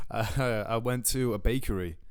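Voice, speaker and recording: A man's voice: medium pitch, moderate pace, smooth, dry recording, clean studio sound. A young man, a podcast co-host, telling a crude travel story in casual chat, laughing and acting out the people he met. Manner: crude, laughing, acts out quoted dialogue.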